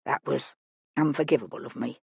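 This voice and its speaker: A woman's voice: extremely low pitch, fairly quick, gravelly, a little mellow, slightly rough, no echo, voice pushed down, exaggerated voice. A woman voicing a normally mild-mannered male valet, speaking in a clipped way. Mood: contrite.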